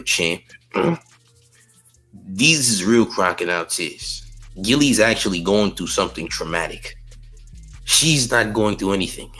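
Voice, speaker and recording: A man delivers celebrity news commentary in a deep, low register with a forceful, bright tone. His voice carries a husky roughness, and he talks bluntly and emphatically, hammering his points home. Faint music plays underneath. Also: low-quality recording. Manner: blunt, emphatic, repeats slang tags. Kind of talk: opinionated commentary.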